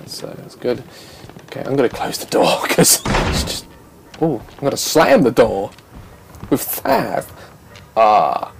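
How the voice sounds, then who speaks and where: A man's voice: medium pitch, sing-song, slow pace, vocal fry, pauses often, a little hiss or hum. Jumpy, swearing gamer man. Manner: jumpy, swearing, nervous laughter. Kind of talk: horror game let's-play commentary.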